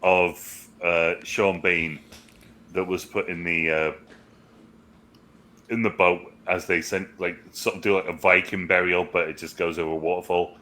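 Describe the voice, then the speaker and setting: A man's voice: low voice, little pitch movement, a little slow, bright, forceful tone. A man co-hosting a casual movie review chat, rambling and swearing as he recounts scenes. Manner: rambling, swears, quotes film lines in put-on voices. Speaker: podcast co-host.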